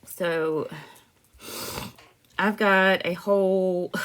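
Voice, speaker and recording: A woman's voice: lowish voice, steady tone, extremely slow, a bit bright, smooth. A young woman vlogging casually about her own experiences, rambling and emotional, often trailing off with laughs and sighs. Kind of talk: casual personal storytelling to camera.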